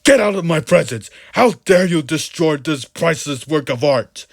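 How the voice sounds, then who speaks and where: A man voicing a stern, hot-tempered village priest who shouts in anger, in a dry, close recording. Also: on the low side, expressive, fast, creaky, breathy edge, no room sound, heavily acted. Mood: furious.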